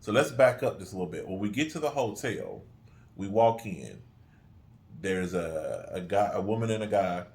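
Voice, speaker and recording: A middle-aged man casually telling a story, acting out quoted voices in an animated way. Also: low voice, normal speed. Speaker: co-host.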